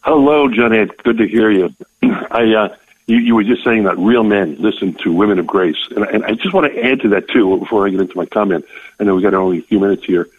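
An older man calling in to a radio show, telling his story haltingly and tearing up as he speaks. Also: fairly low pitch, husky. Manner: halting, emotional, many restarts. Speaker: caller. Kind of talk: call-in testimony. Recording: tinny phone line.

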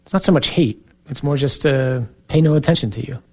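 Earnest priest preaching conversationally. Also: male voice, mid-range voice, brisk, darkish tone. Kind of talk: sermon.

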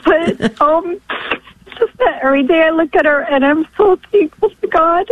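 Caller, woman in her 40s, high voice, thin phone-line sound, halting and emotional. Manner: emotional, halting, sometimes tearful. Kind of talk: call-in radio testimony. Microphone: telephone. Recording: dry tinny phone line.

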